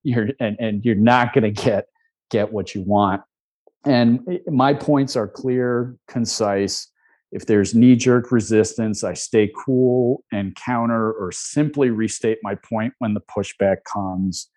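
A man, a former reporter, calmly explaining how he handles press coverage in a conversational interview. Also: fairly low pitch. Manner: measured, calm, with frequent restarts. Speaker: media relations advisor, former reporter.

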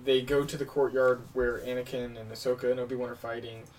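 A man co-hosting a casual show, adding short, deliberate remarks to the recap. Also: mid-range voice, level tone, far from the mic, music in the background, low-quality recording.

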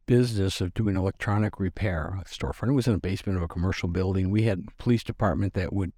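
Man, 60s, podcast guest; low, dry, rambling self-deprecating storyteller. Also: quick pace, mellow, husky, no echo. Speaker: podcast guest, business founder. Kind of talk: casual storytelling interview.

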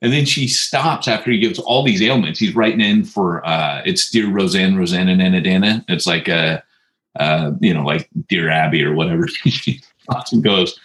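A man co-hosting a podcast in casual chat, with a lowish voice that swings widely in pitch. He tells stories with energy and acts out the quotes as he goes. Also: normal speed, roomy sound, poor audio. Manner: animated storyteller, acts out quotes. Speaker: podcast co-host.

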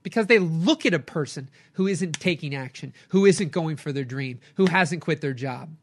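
A middle-aged man, a coach and podcast host, giving an energetic motivational talk with lively storytelling. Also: fairly high pitch, moderate pace, a little hiss or hum. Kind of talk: motivational talk, live stream.

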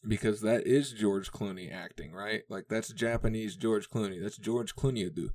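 A lowish, slightly mellow male voice moves at normal speed. The young podcast host talks casually on his own, rambling, cursing, and laughing often.

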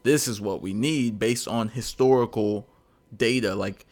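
A man's voice: on the low side, unhurried, darkish tone. A man co-hosting a podcast, musing in a reflective, casual way. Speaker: podcast co-host.

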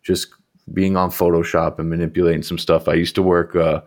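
A man's voice: low-pitched, little pitch movement, fairly quick, a little mellow. A man, a guest artist on a podcast, talking in a laid-back casual way with lots of filler and some swearing. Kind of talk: casual chat.

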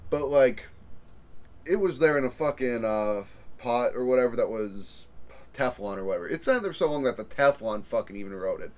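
A man's voice: medium pitch, moderate pace. A man telling a story to friends in a casual chat, swearing a lot. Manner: animated storytelling, heavy swearing.

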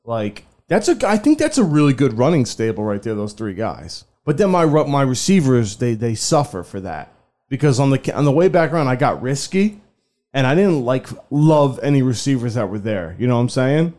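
A man's voice: mid-range voice, sing-song, normal speed, darkish tone. A man co-hosting a sports podcast, talking casually and loosely, swearing often and laughing. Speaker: podcast co-host.

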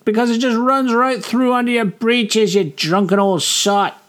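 A man voicing a sharp-tongued tavern barmaid who scolds and mocks. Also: extremely high pitch, fairly even intonation, a little slow, pitched above the performer's own voice. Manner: scolding, mocking.

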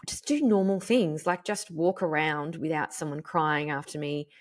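A woman in her thirties with a notably low-pitched voice. She talks frankly and animatedly, dropping the odd swear word and filler as she hosts her podcast. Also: normal speed. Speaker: podcast host. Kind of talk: candid personal monologue.

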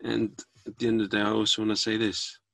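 A man's voice: lowish voice, monotone, quick pace, vocal fry, a bit bright, no room sound. A man hosting a podcast, chatting casually and signing off with cheeky jokes. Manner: cheeky, jokey sign-off, plain-spoken. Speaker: podcast host.

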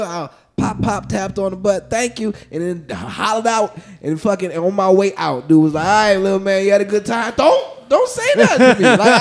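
A man telling a crude comic story on a podcast, acting out the people in it with lots of slang. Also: sits high. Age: adult, calls himself old now. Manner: animated storyteller, crude slang, acts out voices.

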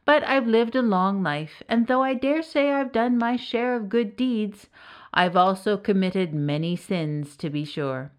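A woman's voice: mid-range voice, unhurried, clear, resonant tone, lightly acted. Cheeky old tinker, sly and cheerful, a woman reads him; storybook.

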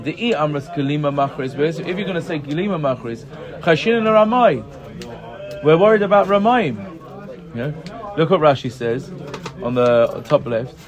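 A man teaching a text study class, reading short passages aloud and explaining them in casual English with constant "right? yeah?" checks to his students. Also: on the high side. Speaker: Talmud teacher. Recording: room with group chatter heard.

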